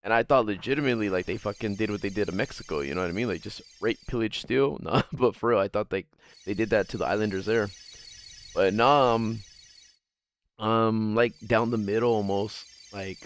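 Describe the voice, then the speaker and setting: A man's voice: on the low side, fairly quick, slight background noise. Profane rambling male streamer. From Guam. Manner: rambling, profane, laughing often. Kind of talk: casual livestream chat.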